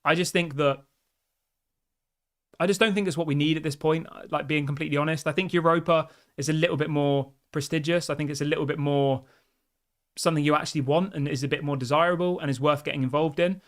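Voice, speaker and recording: A man's voice: a little high, fairly even intonation, fast. A man hosting a live football fan show. He talks in a chatty, direct way and keeps asking viewers to share their opinions. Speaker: football fan channel host. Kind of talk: live-stream commentary to viewers.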